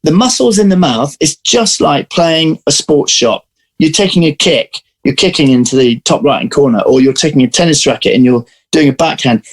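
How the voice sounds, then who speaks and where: A man being interviewed as an actor, telling lively anecdotes in casual chat over a video call. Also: fairly high pitch, moderate pace, rough recording. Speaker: actor guest.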